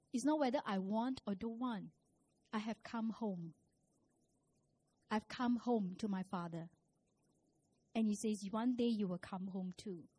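Woman preaching a sermon. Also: a little high. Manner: storytelling, rising to loud emphatic preaching.

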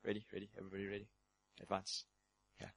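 A man preaching a sermon as pastor, acting out prayers in quick shifts of voice. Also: vocal fry. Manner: lively preaching, acts out prayers in sudden higher voices.

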